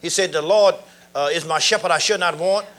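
High, bright-voiced preacher man. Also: brisk. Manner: animated preaching with laughs and shouts. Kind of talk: sermon.

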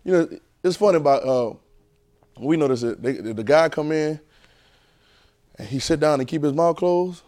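Speaking at normal speed with long pauses, a man with a fairly high voice preaches insistently and repeats himself, moving from shouts to quiet asides. He keeps throwing rhetorical questions at the congregation in casual language. The studio-quality audio has no room sound.

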